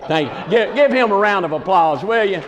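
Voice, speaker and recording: A man's voice: high voice, animated, moderate pace, dull audio, background noise. A man with a Southern US accent telling folksy comic stories to a live audience and teasing people in the crowd. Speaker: comedic entertainer. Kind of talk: stand-up storytelling in a folksy character. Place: large conference hall with a live audience. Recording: echoey hall.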